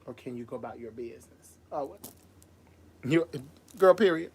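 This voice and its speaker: A man who performs as a drag MC, hosting a casual livestream from Las Vegas, reading out viewer comments and answering them in an animated, sassy way. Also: medium pitch, normal speed, slight background noise. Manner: animated and sassy, calls viewers girl and boo, frequent laughs.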